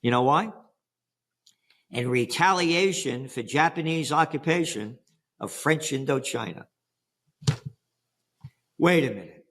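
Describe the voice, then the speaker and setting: A man's voice: mid-range voice, lively intonation, unhurried, pauses often, fairly bright tone. An older American man on an interview, emphatic and sarcastic, firing rhetorical questions. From United States. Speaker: interview guest. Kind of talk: animated interview talk.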